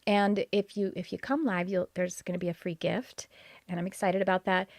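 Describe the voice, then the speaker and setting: Speaking at normal speed in a mid-range, slightly mellow voice with fairly even intonation, this podcast host from Texas has a Texas accent. The recording is dry and clean, as she greets viewers on her live stream and eagerly discusses her courses.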